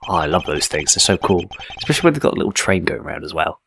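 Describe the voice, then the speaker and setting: A man's voice: sits low, big pitch swings, rapid-fire, fairly bright tone, a little hiss or hum. A man giving casual, rambling game commentary with self-deprecating asides. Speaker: let's play host.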